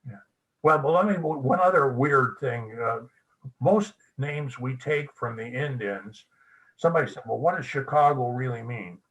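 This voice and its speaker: An older man giving a casual, anecdotal history talk to a club, a folksy storyteller at an everyday mid pitch. He spells names out letter by letter. He is heard in a meeting room. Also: moderate pace, a bit bright, poor audio. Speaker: guest speaker.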